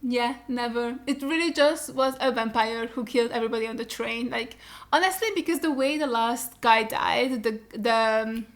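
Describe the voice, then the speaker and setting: A woman's voice: a little high, moderate pace. A young woman hosting a reaction video, chatting casually and animatedly, swearing freely. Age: young adult. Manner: animated, swearing freely, mocking voices in quotes. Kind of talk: casual chat.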